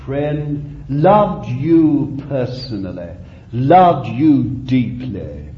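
A male preacher delivering an impassioned sermon that rises and falls, with drawn-out phrases. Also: medium pitch, slight background noise. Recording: roomy, dull lo-fi recording.

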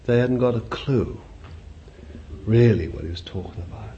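A man's voice: lowish voice, normal speed, warm tone. A man preaching a sermon in a conversational way, repeating phrases and putting questions to his listeners. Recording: dull lo-fi recording with faint hiss.

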